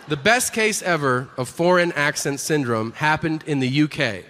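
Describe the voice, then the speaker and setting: A man's voice: a little high, normal speed, hardly any pauses, long reverb tail. A man doing a brash, crude stand-up comedy set on stage before an audience. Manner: brash, animated, crude punchlines. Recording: live stage mic with room noise.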